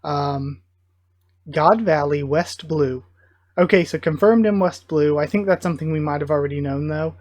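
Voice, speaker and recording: A fairly high-voiced man hosting a live reaction, talking his thoughts out as they come. He sounds excitable and musing, often stopping to correct himself. The sound is close and dry, with no room around it. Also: normal speed, dry recording. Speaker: reaction video host. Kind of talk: live reaction commentary, thinking aloud.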